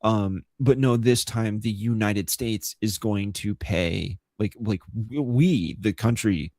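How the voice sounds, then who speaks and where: Excitable laughing man co-hosting. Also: fairly low pitch, takes it slowly, dry recording, clean studio sound. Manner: laughing, excitable, swears often. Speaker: co-host. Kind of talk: casual political chat.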